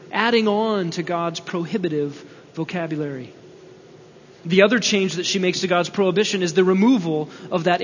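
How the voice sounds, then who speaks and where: The tone is fairly bright and the pitch high as this man delivers an earnest expository sermon in a church hall. He explains the text and asks rhetorical questions, and the recording sounds dull and echoey with a faint hum.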